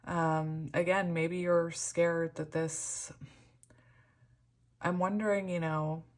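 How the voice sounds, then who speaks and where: A woman giving a pick-a-card tarot reading, emotional and hesitant, shaky and close to tears, with many pauses and ums. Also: fairly low pitch, little pitch movement. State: shaky and tearful. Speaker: tarot reader.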